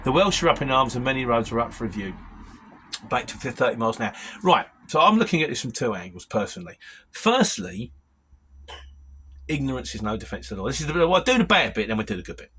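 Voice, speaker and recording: A man's voice: mid-range voice, very animated, fast, sharp tone, a little hiss or hum. A man who hosts a casual Q&A, reading out viewer comments and answering them in a rambling, opinionated way. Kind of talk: casual Q&A chat.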